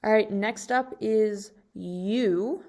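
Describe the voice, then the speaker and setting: Very slow-paced woman teaching young children. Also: mid-range voice, warm tone. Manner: slow, deliberate, drawing out example words. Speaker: second grade teacher. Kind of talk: recorded slide lesson for children.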